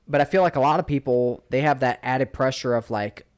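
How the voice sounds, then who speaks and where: A man's voice: mid-range voice, a little fast, few pauses. A young man co-hosting a podcast in casual chat, blunt, rambling and full of swearing. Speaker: podcast co-host.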